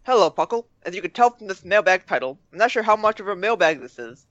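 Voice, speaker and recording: A man's voice: high-pitched, sing-song, fast, a bit bright, no room sound. A tired man co-hosting a podcast late at night, reading a listener's story in a playful way. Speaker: podcast co-host. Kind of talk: casual podcast chat, reading listener mail. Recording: dull, dry home mic.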